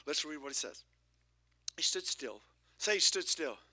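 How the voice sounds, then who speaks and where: A man preaching a lively sermon as pastor of a church, shifting between loud exclamations and hushed whispers with playful asides. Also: fairly high pitch, moderate pace. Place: church sanctuary.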